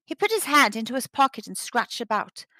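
A woman reading a children's picture book aloud, with expressive storytelling. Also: fairly high pitch, fairly quick, no echo. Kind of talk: children's read-aloud narration.

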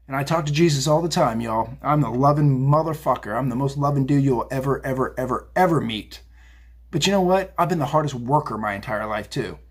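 Tarot reader, male, husky, mid-pitched; blunt, profane, fired-up rambling. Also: a little fast. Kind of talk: casual profane psychic rant. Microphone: phone video.

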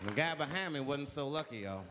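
A man performing stand-up comedy on a theater stage, telling a story in an animated way and acting out the voices of the people in it. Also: a little high, fairly quick, crowd noise. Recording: live theater with long reverb and audience noise. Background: audience laughter.

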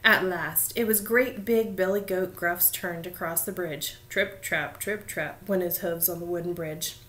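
A woman reading a children's storybook aloud, slowing down to dwell on dramatic details. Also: lowish voice, fairly even intonation, fairly bright tone, a little hiss or hum.

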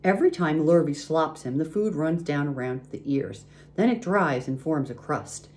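A woman's voice: low-pitched, normal speed, darkish tone, close to an everyday voice. A woman voicing a determined farmer's wife who speaks firmly and matter-of-factly.

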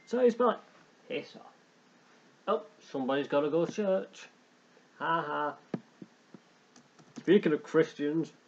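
A man's voice: fairly high pitch, lo-fi sound, slight background noise. A young man hosting a let's play, joking and rambling as he reads game text aloud. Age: young adult. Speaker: gaming channel host.

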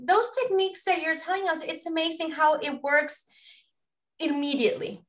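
A native Spanish-speaking woman hosts a radio interview in English from a studio, working as a host and parenting facilitator. Her voice is very high and fairly bright, moving at a moderate pace. She comes across as earnest and rambling, frequently restarting her sentences.

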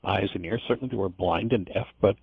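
A man's voice: sits low, fast talker, vocal fry, husky, no echo, phone-quality sound. A man teaching an informal course lecture, earnest and digressive, often restarting his sentences.

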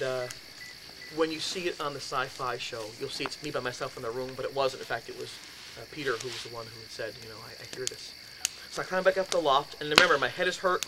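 A middle-aged man telling a story about a haunting to an audience, acting out quotes, dropping to whispers and rising to shouts. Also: fairly high pitch, noisy background. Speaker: speaker telling a ghost story. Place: indoors, house.

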